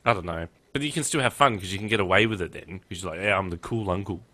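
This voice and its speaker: Dry-humored man, bright low voice. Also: animated, very fast. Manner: tells anecdotes. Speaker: podcast co-host. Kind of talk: casual chat.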